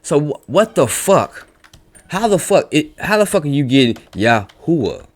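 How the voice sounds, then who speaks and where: Reading online comments aloud, a male religious commentator lectures in a blunt, combative, profane and angry rant. He speaks at a normal speed in a higher voice with big swings in pitch.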